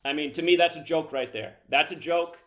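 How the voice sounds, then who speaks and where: A man's voice: a little high, brisk, pushed and bright. A man hosting a call-in show, ranting angrily and cursing at his listeners. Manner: furious, cursing, insulting listeners. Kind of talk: angry profane rant.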